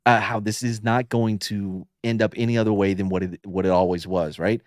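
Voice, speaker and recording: A man chatting on a casual podcast, telling stories about police work, sometimes dropping to a low, calm voice to show how he'd talk someone down. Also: brisk, no room sound, studio quality. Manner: relaxed storytelling, drops tone to mimic calm talk, swears freely. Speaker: podcast co-host, former police officer.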